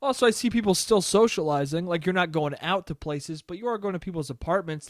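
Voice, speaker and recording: A man's voice: high-pitched, lively intonation, normal speed, long pauses, no echo, clean studio sound. A young man hosting a solo podcast, rambling in a casual, profane way and laughing often. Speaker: podcast host.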